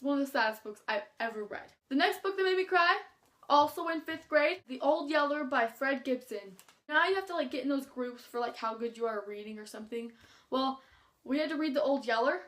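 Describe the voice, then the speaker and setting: A woman's voice: high-pitched, a little fast, a bit bright. A teenage girl talking casually about books as a vlogger, gushing and chatty with lots of filler words. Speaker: book vlogger. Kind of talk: casual chat.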